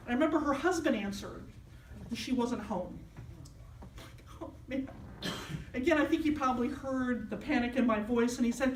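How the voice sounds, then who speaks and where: A woman's voice: fairly high pitch, normal speed, long pauses, a little hiss or hum. Woman preacher telling a story, echoey hall. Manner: personal storytelling, acting out quoted voices. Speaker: minister. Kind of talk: sermon. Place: church sanctuary. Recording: echoey hall, mic at a distance.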